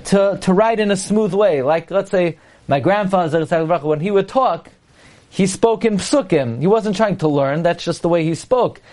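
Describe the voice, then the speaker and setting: A man's voice: fairly high pitch, a little mellow. A man teaching a halacha lesson in full of Hebrew terms, reading passages and translating them as he goes. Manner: quick, explanatory, translating phrases as he reads. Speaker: Torah teacher.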